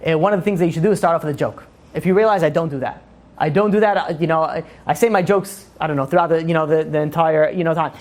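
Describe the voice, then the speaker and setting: A man, a rabbi, giving a casual, joking Torah lecture to a live class, talking fast and animatedly with lots of "you know". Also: on the high side, darkish tone.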